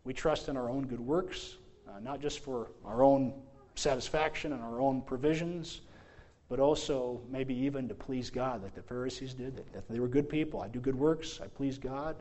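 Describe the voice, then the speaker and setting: A man preaching a sermon as pastor, asking rhetorical questions and reading scripture slowly, with emphatic swings in loudness. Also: medium pitch.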